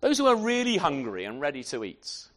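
Guy preaching a sermon in church, high voice that swings all over, keeps restarting words. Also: a little fast. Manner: animated, with frequent repeated words and restarts.

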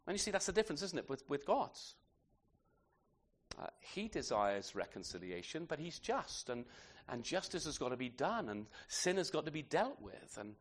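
With a fairly high, sing-song voice, a man gives a conversational expository sermon. He tends to wrap up points with tag questions, restarting sentences and repeating words in a halting way.

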